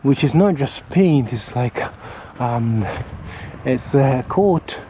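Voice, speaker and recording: Slow, halting man vlogging outdoors. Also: mid-range voice, expressive, warm tone, poor audio. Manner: hesitant, halting, searching for words. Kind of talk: casual walking vlog talk. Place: outdoors on town streets. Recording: outdoor street with passing traffic.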